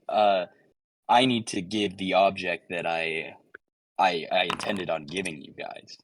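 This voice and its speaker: A man's voice: low-pitched, steady tone, measured pace. A young man playing a tabletop role-playing game, rambling and bluffing in character. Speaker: player.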